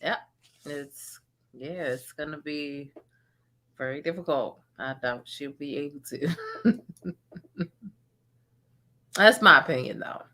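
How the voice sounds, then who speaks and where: Low-voiced woman, bright and candid. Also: big pitch swings, slow pace, pauses often. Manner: candid, conversational, trails off and repeats words. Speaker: commentary channel host. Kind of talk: casual live-stream chat.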